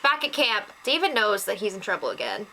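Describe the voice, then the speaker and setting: A young woman co-hosting a casual chat, animated, recapping a TV show and acting out what people said. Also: mid-range voice, a little fast, creaky, background noise. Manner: animated, acts out quotes from the show. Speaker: co-host.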